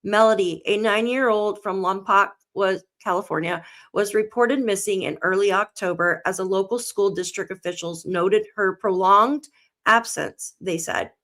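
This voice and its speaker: A woman's voice: medium pitch, normal speed, a bit bright. A woman hosting a live true crime stream, greeting viewers by name and reading a news article aloud while close to tears. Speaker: true crime channel host.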